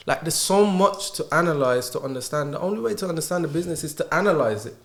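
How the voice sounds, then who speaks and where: A man's voice: fairly high pitch, animated, quick pace, hardly any pauses, a bit bright. A man, a podcast guest in casual chat, earnest and asking himself rhetorical questions. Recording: roomy echo.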